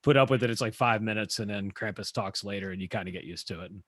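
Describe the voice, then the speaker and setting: A man co-hosting a podcast, chatting casually about a book, animated and laughing easily, with frequent swearing. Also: fairly low pitch, fast talker, dry recording, clean studio sound. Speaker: podcast co-host.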